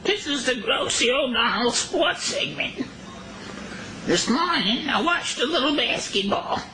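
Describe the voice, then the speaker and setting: A man putting on a goofy, giggly high voice as a silly sports segment host. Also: animated, measured pace, sharp tone, echoey room, a little hiss or hum, full character voice, poor audio.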